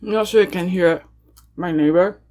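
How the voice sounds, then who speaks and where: Speak as a low-voiced woman chatting through an ASMR eating show. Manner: relaxed, unhurried, murmurs between bites. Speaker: mukbang host. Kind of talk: casual ASMR eating chat. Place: home apartment.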